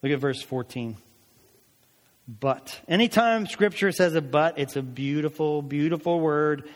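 A man's voice: a little high, a little slow. A male pastor preaching a sermon, rising into emphatic calls during prayer passages. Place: church sanctuary. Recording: long church hall reverb.

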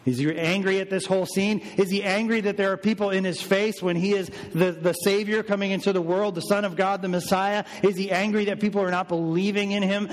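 A man preaching a sermon with emphatic delivery, rising for stress and dropping low for weight. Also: in a large hall. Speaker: pastor.

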